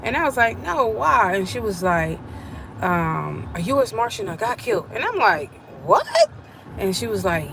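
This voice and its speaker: A woman's voice: on the high side, noisy background. A middle-aged woman, chatting with viewers during a live stream and acting out the voices in her story. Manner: animated, acts out quoted voices.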